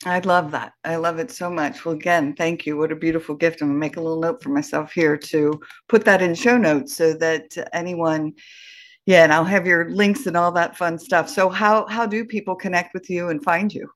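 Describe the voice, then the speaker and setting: A woman's voice: on the low side, fairly even intonation, moderate pace. A woman hosting a podcast interview, chatting casually and listening encouragingly. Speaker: podcast host.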